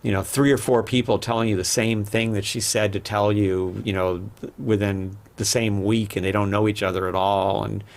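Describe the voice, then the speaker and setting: A man's voice: on the low side, little pitch movement, moderate pace, hardly any pauses. A man, a podcast guest, telling rambling personal stories in a candid, casual way with frequent restarts. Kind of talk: casual interview storytelling.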